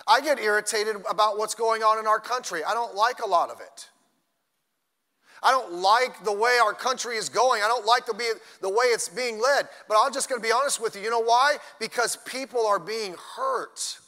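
Older preacher, high bright voice. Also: male voice, normal speed, long reverb tail. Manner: conversational preaching with asides and sudden loud bursts. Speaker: pastor. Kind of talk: sermon. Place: church sanctuary.

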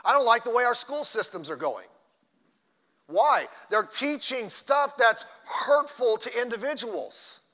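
An older man who is a grandfather, preaching a conversational sermon in church with asides and sudden loud bursts. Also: very high voice, expressive, unhurried, in a large hall. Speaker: pastor. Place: church sanctuary.

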